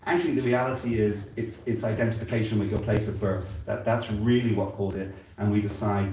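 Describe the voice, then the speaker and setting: An older man from England giving an informal sermon at a temple, talking conversationally and halting often, repeating words and using fillers. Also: lowish voice, fairly even intonation, warm tone, a little hiss or hum. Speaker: spiritual speaker at a temple gathering. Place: temple hall. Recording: very echoey hall, heard from a distance.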